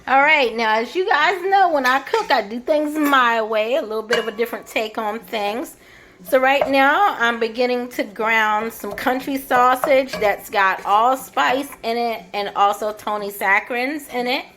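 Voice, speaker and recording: A woman's voice: a little high, measured pace, a bit bright. A woman vlogging her home cooking, chatting through each step as she shows the food. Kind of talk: cooking demonstration.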